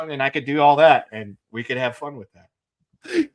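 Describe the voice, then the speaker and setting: A man's voice: mid-range voice, wildly swooping pitch, measured pace. A man co-hosting a pop culture chat show, joking and rambling and swearing casually. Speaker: podcast co-host.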